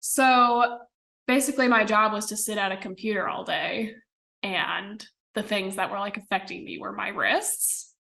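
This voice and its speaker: A young woman from the American Midwest, guesting on a podcast, talks at normal speed in a mid-range voice that is both gravelly and sharp. The casual interview chat is full of fillers and little laughs.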